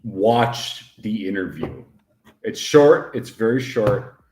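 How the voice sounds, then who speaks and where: A man's voice: fairly low pitch, expressive, takes it slowly, darkish tone, roomy sound, slight background noise. A man co-hosting a casual livestream chat, rambling and emphatic, often breaking into laughter. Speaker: podcast co-host.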